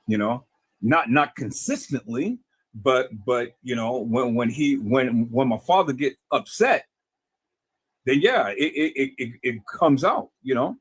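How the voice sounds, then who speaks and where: A man's voice: medium pitch, expressive, unhurried, husky, dry recording. A man talking to his viewers in a casual, preachy way, often stammering and repeating words. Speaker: video host.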